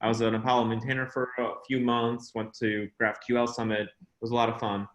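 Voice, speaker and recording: Speaking briskly in a medium-pitched voice with little pitch movement, a man chats his way through a casual tech talk as a guest at an online video-call meetup, rambling with many "you know"s and "uh"s. The sound is roomy and the recording low quality.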